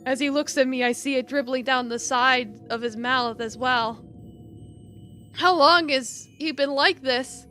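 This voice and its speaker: A woman's voice: high-pitched, fairly even intonation, moderate pace, sharp tone, soft background music. A woman streamer reading a game aloud, dramatic, jumping from narration to shrieks and mock sobs.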